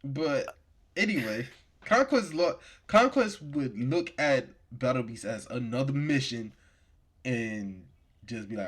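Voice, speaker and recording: A man co-hosting a podcast in casual chat, animated and slangy in his banter. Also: mid-range voice, slow. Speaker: podcast co-host.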